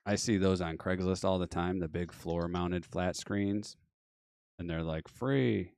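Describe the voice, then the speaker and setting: A man in his forties hosting a live stream, teasing his caller in a deadpan way. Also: low voice, measured pace, gravelly, clear, resonant tone. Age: 40s. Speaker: streamer host. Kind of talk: casual chat.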